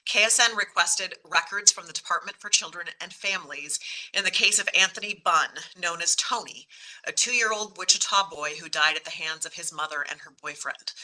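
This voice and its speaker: A woman in her forties, a news director from Kansas, reading prepared testimony over a video call in a clear, steady, formal way. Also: fairly low pitch, low-quality recording.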